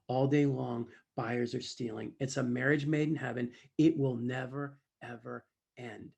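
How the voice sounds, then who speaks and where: A man who trains salespeople, giving an animated storytelling talk and acting out the dialogue of the people in his anecdotes. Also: mid-range voice, a little slow, vocal fry, breathy edge. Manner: animated, acts out dialogue, addresses listeners directly.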